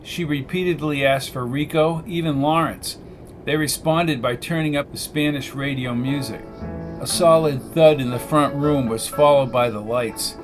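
A man's voice: fairly high pitch, normal speed, faint music behind. Man reading an audiobook steadily. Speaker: audiobook narrator. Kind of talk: scripted narration.

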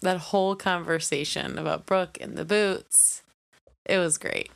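A woman being interviewed on a casual podcast, answering in a dry, deadpan way. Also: on the low side, a little slow, gravelly. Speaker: podcast guest. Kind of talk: casual chat.

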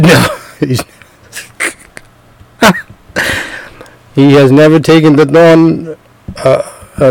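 A man's voice: creaky, darkish tone, no room sound, poor audio. A man preaching a sermon, emotional and repeating himself, his voice rising as he gets stirred. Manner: emotional, tearful at times, repeats words, rises in pitch when stirred.

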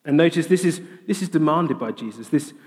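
A man preaching a sermon, animated and humorous, with lively voiced asides. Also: fairly high pitch, brisk. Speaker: pastor. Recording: long hall reverb.

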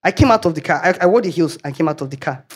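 A woman's voice: sits low, lively intonation, very fast, slightly rough. A woman with a Nigerian accent preaching a sermon, telling chatty anecdotes and laughing along the way. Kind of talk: storytelling sermon.

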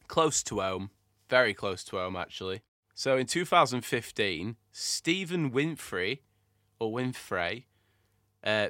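A man's voice: mid-range voice, bright, forceful tone, dry recording, studio quality. A young man from Doncaster, co-hosting a casual podcast chat, laid-back and laughing easily as he swears his way through stories. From Doncaster, England. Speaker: podcast co-host.

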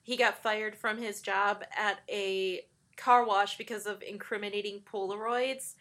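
Bright, chatty young-sounding woman. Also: medium pitch, measured pace. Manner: chatty, laughs often, animated when quoting characters. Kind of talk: casual chat about a film.

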